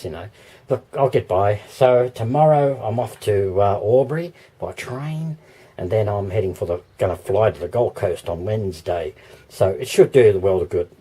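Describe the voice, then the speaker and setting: A man with an Australian accent, hoarse and losing his voice, chatting in a rambling vlog with many ums and little laughs. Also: lowish voice, dark tone. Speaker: vlogger. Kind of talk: casual vlog chat. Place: walking outdoors. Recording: outdoor background noise.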